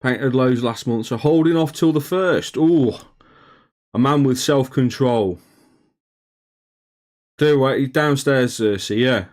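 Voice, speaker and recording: A man with a mid-range, darkish voice speaks slowly with long pauses while streaming his hobby live from a home hobby room. He reads chat, names viewers, calls them mate and drops the odd swear word.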